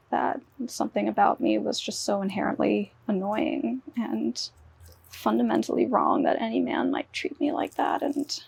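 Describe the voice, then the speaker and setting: A young woman speaks in a quiet, halting, earnest way as she gives a personal testimony. Her voice crackles with strong fry and has a husky, breathy edge. The sound is dry and close. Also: medium pitch, no room sound. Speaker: survivor telling her story.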